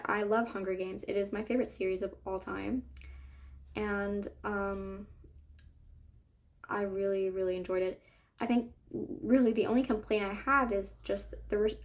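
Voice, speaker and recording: A woman's voice: mid-range voice, darkish tone. A young woman chatting casually and rambling about a book while making a digital journal. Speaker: book vlogger.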